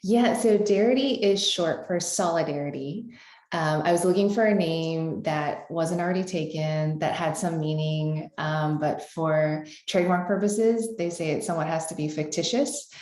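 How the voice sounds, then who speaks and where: Low-voiced woman in an echoey room. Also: normal speed, a little mellow. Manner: earnest, explanatory, with filler ums. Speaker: business founder guest. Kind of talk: conversational interview.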